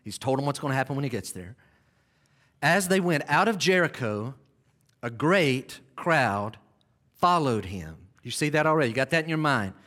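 A man with an animated, mid-range voice preaches an expository sermon at a moderate pace, walking listeners through a scene. He repeats and restarts phrases and stretches out key words, breaking into sudden loud cries as he acts out the scene.

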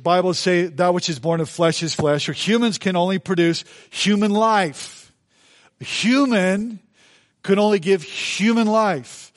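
A man preaching a sermon in a church as pastor, folksy and conversational, acting out the people he quotes. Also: high voice.

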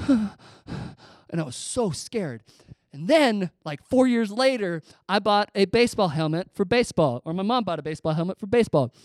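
A young man preaches in a loose, chatty way, telling childhood stories with plenty of fillers and restarts. His voice sits a little higher than most men's and comes across as self-deprecating. The recording is close and dry, with no room sound. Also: a little mellow, no room sound. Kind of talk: casual storytelling sermon.

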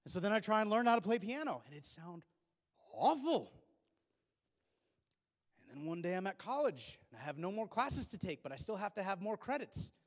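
A young man preaching a sermon, telling stories and swinging from hushed, intimate lines to loud, excited ones. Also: sits high, fast talker, few pauses, long reverb tail. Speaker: pastor.

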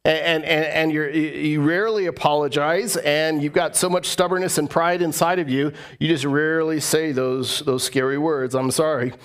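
A man's voice: fairly high pitch, steady tone, normal speed, hardly any pauses, a bit bright. A man preaching a sermon as pastor, earnest and emphatic, repeating phrases for stress.

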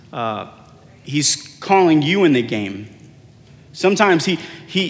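A middle-aged man preaching from the pulpit, his voice sitting a touch high for a man. He tells stories with lively, acted-out dialogue, and his words ring out with a long echo through a large church hall. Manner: animated storyteller, acts out quoted dialogue. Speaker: pastor. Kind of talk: sermon with personal stories.

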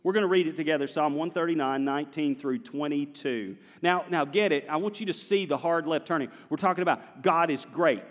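A man preaching a sermon to his congregation in a church, animated and conversational, drawing the congregation in. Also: on the high side, brisk, few pauses, long reverb tail. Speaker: pastor. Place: large church sanctuary.

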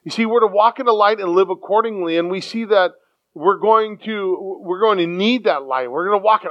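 A man preaching a sermon in an animated way, acting out quoted voices and often repeating his words. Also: high-pitched, moderate pace. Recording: dull lo-fi sound.

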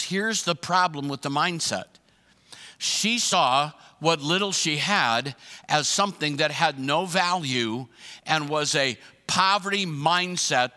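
A man's voice: fairly high pitch, bright, forceful tone, in a large hall. A man preaching a sermon, emphatic and repeating his questions to the congregation. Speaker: pastor.

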